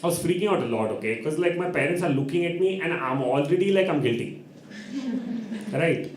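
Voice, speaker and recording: A man telling an animated story at an open mic, acting out voices and laughing often. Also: a little high, a little fast, reverberant, a little hiss or hum. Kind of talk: storytelling on stage. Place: live open mic venue.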